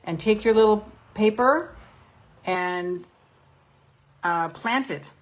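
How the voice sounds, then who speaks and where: A middle-aged woman hosting a live spiritual session, guiding listeners through slow, prayerful affirmations. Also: medium pitch. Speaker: host and self-love coach. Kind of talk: guided spiritual meditation on a live stream.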